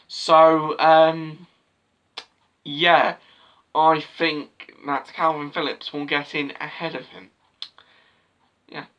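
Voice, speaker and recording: Guy vlogging, hyped and rambly, swears a lot, bit high and bright. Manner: excitable and rambling, swears casually. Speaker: football vlogger. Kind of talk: casual solo video chat.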